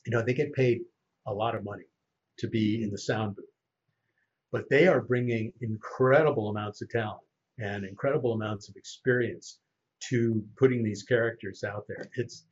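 A man's voice: on the low side, moderate pace, husky, muffled recording. A man who works as a voice actor, telling anecdotes in a casual chat. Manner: animated anecdote teller. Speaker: voice actor guest.

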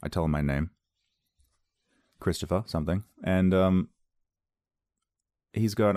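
A man's voice: deep voice, unhurried, pauses often, a little mellow, dry recording, studio quality. A young man, hosting a casual solo podcast, telling a self-mocking story and acting out the other people's voices. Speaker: podcast host. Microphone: podcast microphone on a loose cable at home.

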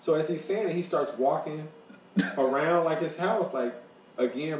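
A man from the Chicago area telling a profane, animated story on a casual podcast. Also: on the high side, moderate pace. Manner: profane, animated, acts out quoted voices. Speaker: podcast co-host. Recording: roomy, distant mic, faint noise.

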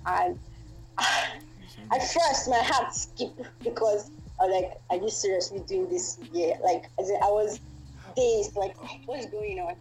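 A woman guest telling a personal story in a casual, animated way. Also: mid-range voice, a little slow, poor audio.

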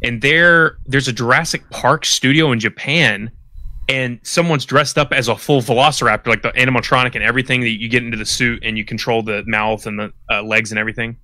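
An enthusiastic man co-hosts a podcast and talks in a lively, casual way. His voice is bright and forceful. The recording is dry and close. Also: mid-range voice, brisk, dry recording. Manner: enthusiastic, animated storyteller. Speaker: podcast co-host. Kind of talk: casual chat.

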